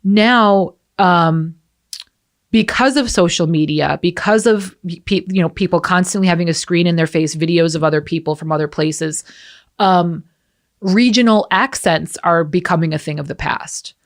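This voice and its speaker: A woman's voice: fairly low pitch, normal speed. An American woman hosting a podcast, chatting casually and frankly and swearing now and then. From United States. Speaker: podcast host. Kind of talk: casual chat.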